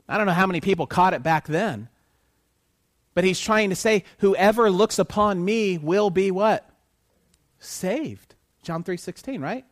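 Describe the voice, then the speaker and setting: A man preaching a sermon who keeps asking his listeners questions and pauses for their answers, swinging from quiet to loud for emphasis. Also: fairly high pitch, dry recording, clean studio sound.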